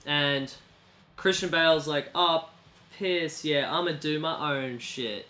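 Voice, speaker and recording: Bright-voiced young man rambling casually. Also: fairly high pitch, steady tone, unhurried. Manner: rambling, acts out characters in silly put-on voices. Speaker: podcast co-host. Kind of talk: casual chat.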